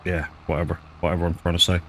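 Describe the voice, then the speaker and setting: A man with a fairly low-pitched voice, chatting to his viewers as he plays. He rambles through a story with lots of stammered restarts. His talk is loose and sweary. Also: level tone, racing, a bit bright, a little hiss or hum. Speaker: live streamer. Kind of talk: casual gaming stream chat.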